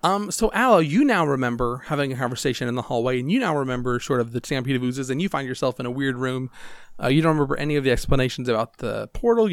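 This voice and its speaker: A man narrating as game master in a tabletop game, rambling and relaxed with many fillers. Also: mid-range voice, no echo, studio quality.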